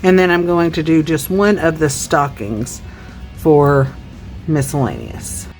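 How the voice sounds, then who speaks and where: A woman in her thirties with a mild Southern accent and a low, grounded voice. She talks to her viewers in an easy, chatty way and counts out money aloud as she goes. Soft music plays faintly behind her. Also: unhurried. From Tennessee, US. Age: 30s. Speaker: budgeting YouTuber. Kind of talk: casual vlog chat while counting cash.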